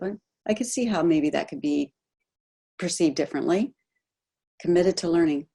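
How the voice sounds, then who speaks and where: A woman coaching a group on a video call, animated, asking her listeners questions and acting out example voices. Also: lowish voice, normal speed, husky. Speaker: health coach.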